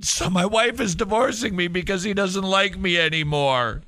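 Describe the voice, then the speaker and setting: A man's voice: sits high, moderate pace, bright, forceful tone, no room sound, voice pushed up. A man voicing a tearful male office worker, whining about his marriage ending. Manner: whiny, pleading, tearful.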